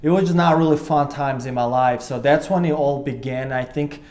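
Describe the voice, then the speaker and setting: A man's voice: mid-range voice, normal speed, darkish tone. A man in his twenties earnestly recounting a personal experience, rambling with many fillers and restarts. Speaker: vlogger telling his own story. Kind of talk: personal storytelling to camera.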